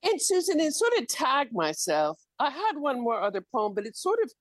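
A woman poet reading her poems aloud and chatting about words in an expressive way. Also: high-pitched, normal speed, no room sound, low-quality recording. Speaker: guest poet. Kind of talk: poetry reading and chat.

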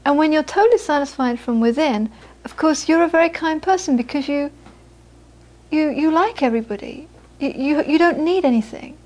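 High-pitched yet darkish in tone, her expressive voice keeps a moderate pace through a dharma talk. The Buddhist teacher shares anecdotes with a small audience, often repeating words as she searches for phrasing.

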